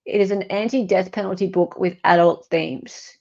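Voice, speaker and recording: A woman's voice: on the low side, steady tone, moderate pace, vocal fry, dark tone, muffled recording. A woman with an Australian accent hosts a casual livestream, reading viewer comments with wry, self-correcting asides. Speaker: online commentator.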